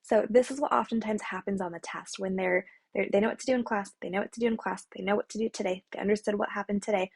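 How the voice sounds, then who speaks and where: A woman's voice: medium pitch, fairly even intonation, quick pace, gravelly, few pauses, slightly rough. A young woman math tutor giving an earnest explainer to parents, often checking in with "right?" and restarting her sentences. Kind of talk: talking-head explainer to parents.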